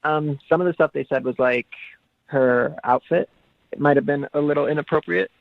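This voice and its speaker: A man's voice: a little high, normal speed, creaky, no room sound. A young man on the phone to a radio show, hesitant and full of ums. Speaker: caller on the phone. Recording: dull phone line.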